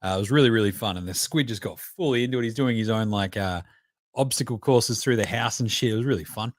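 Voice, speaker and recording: An Australian man in his thirties reacting live as a host, profane and excitable, cheering and chanting at the screen between chatty stories. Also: on the low side, fast talker, no room sound, studio quality. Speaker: podcast host.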